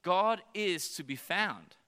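A man's voice: high voice, expressive, slow, pushed and bright. A man in his thirties preaching a sermon on a church stage, playfully acting out little voices to tell his story. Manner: playful, acts out voices of his child and God. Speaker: pastor. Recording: long hall reverb.

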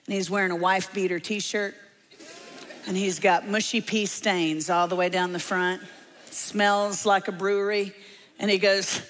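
A woman's voice: lowish voice, steady tone, normal speed, fairly bright tone. A woman preacher who tells her sermon as a humorous story full of asides. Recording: long hall reverb.

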